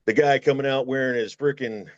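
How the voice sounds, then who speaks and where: A man's voice: medium pitch, fairly even intonation, fairly quick, no echo, dull audio. A man, a former long-haul truck driver, telling road stories in rambling casual chat and acting out the voices he quotes.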